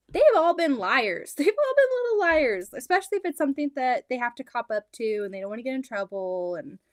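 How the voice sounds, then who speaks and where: A woman's voice: mid-range voice, no room sound, clean studio sound. A woman in her thirties chatting casually on a home quilting livestream, rambling about her kids and reading out viewer comments. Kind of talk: casual chat on a live stream. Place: home sewing room.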